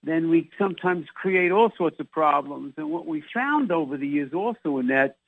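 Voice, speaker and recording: New York male radio host, chatty and rambling, higher voice, narrow phone-band audio. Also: expressive, moderate pace, creaky, no room sound. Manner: rambling, restarts phrases often. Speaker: radio show host, sports doctor. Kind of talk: casual radio interview chat.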